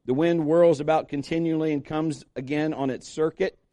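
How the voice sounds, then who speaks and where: Man preaching a lively, chatty sermon. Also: a little high, normal speed, dry recording, clean studio sound. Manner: conversational preaching, lively asides to the congregation. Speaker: pastor.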